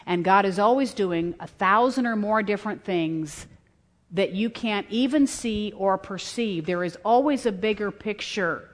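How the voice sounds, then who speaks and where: A woman's voice: medium pitch, measured pace. Middle-aged woman speaker, earnest sermon storyteller, echo of a large hall. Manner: earnest storytelling, voices quotes. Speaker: women's conference speaker. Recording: long hall reverb.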